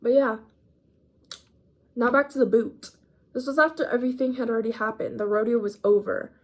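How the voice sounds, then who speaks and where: A young woman of eighteen chats through her day in a loose, slangy, self-deprecating ramble. Her voice sits a little high for a woman. She is a bit under the weather with a lingering cough. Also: fairly even intonation, brisk. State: mildly sick, coughing up phlegm. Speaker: vlogger. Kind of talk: casual chatty vlog.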